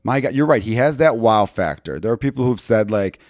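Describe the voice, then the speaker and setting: A man hosting a podcast, excitedly retelling sports anecdotes in casual chat. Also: mid-range voice, a little fast, dry recording, studio quality.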